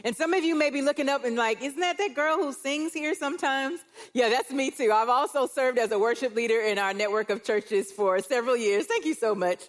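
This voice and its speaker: A woman's voice: fairly high pitch, brisk. A middle-aged woman, giving a conversational sermon and telling family stories with playful asides. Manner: warm storytelling with playful quoted asides. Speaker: church speaker. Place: church auditorium.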